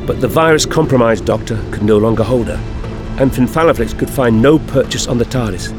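A man narrating an adventure story in an expressive storytelling manner. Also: mid-range voice, fairly quick, over music. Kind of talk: audiobook fan-fiction reading.

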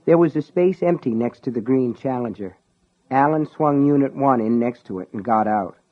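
A man narrates a story in a steady, even storytelling voice. The audio is narrow and tinny, like a phone line. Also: medium pitch, normal speed. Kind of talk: scripted narration.

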